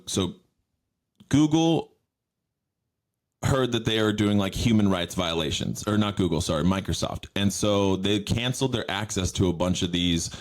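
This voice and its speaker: A man hosting a podcast, riffing on news stories in a rambling, profane, mocking way. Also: low voice. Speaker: podcast host. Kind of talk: casual news commentary.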